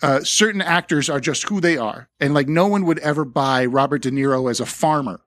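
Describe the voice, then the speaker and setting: A man's voice: fairly high pitch, brisk, fairly bright tone, no room sound, studio quality. A man co-hosting a podcast, chatting casually about music in a rambling, profane way, full of fillers and restarts. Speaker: podcast co-host.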